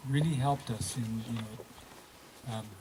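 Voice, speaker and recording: A man hosting a community graduation gathering, talking loosely with many pauses and fillers. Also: mid-range voice, noisy background. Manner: hesitant, many fillers, offhand. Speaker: event host. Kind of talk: casual emcee talk.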